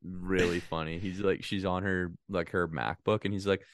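A man's voice: low-pitched, fairly even intonation, normal speed. A man co-hosting a casual podcast, joking around, laughing often and swearing freely. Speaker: podcast co-host.

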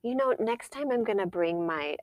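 A woman co-hosting a casual chat podcast, chatty and quick to giggle and joke. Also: medium pitch, lively intonation, darkish tone, no echo. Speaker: podcast co-host.

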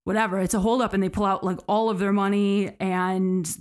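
A woman's voice: medium pitch, flat delivery, brisk. A woman hosting a podcast, telling a true story in a casual, conversational way with frequent fillers. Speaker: podcast host.

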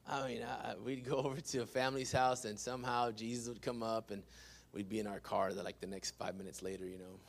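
A man pastor delivering a sermon, dropping "amen" between phrases and swinging from loud emphatic bursts to hushed asides. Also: mid-range voice, fairly quick, gravelly.

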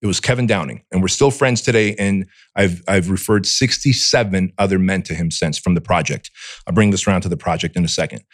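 A podcast guest, a man from Armenia, talks candidly in a fairly low voice, blunt and full of cursing. He acts out the voice in his own head as he tells it. The sound is dry and close, with no room echo. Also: fairly quick. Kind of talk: candid personal storytelling.

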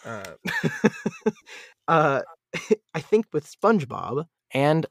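A man talking as a podcast guest in casual chat, opinionated and animated, often laughing between points. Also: fairly high pitch, extremely slow, gravelly, dry recording, clean studio sound.

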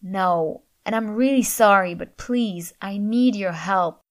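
A rattled young college guy pleads and explains in a harried rush, as a woman narrating a story puts him on. The storybook voice stays mid-pitched and everyday. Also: unhurried, natural voice. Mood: pleading. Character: flustered young male college freshman.

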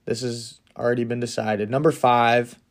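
A man's voice: mid-range voice, little pitch movement, moderate pace. A young man hosting a casual solo podcast, talking enthusiastically and with firm opinions, often laughing between remarks. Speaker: podcast host.

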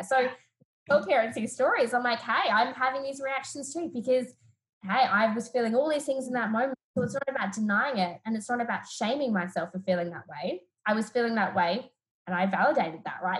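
An Australian-accented woman therapist with a slightly high voice guests on a podcast interview, reflecting on parenting ideas and becoming animated as she acts out scenes from her own home. The recording is rough.

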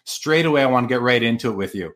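A man's voice: medium pitch, animated, fast talker, a bit bright. A man hosting a live podcast show, introducing and interviewing his guest in an upbeat, friendly way. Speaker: podcast host.

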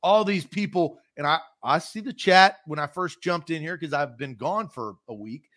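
A man's voice: fairly high pitch, normal speed, a bit bright. A man co-hosting a sports talk show, emphatic and heated, repeating his points. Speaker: podcast co-host.

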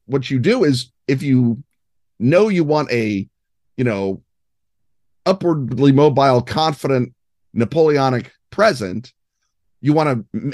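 A man talking as a guest on a gaming podcast, erudite and expansive, with a scattering of fillers. His mid-pitched voice is recorded close and dry. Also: a little mellow, no echo. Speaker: guest game designer. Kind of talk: podcast interview.

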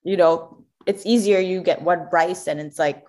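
A woman's voice: fairly low pitch, fairly even intonation, moderate pace, a little mellow. A young woman from Macau co-hosting a podcast in a casual chat, talking loosely with lots of fillers and laughs. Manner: chatty, laughs often, many fillers. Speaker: podcast co-host.

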